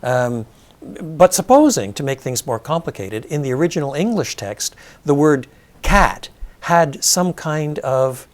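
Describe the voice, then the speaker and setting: Older guy explaining stuff in an interview, mid-pitched, thoughtful, lots of ums and restarts. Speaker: interview guest, scholar.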